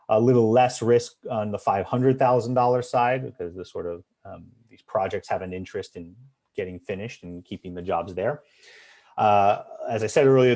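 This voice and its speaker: A man's voice: on the low side, darkish tone. Man giving an immigration law webinar. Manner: explanatory, many fillers and restarts. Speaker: immigration attorney. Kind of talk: webinar presentation.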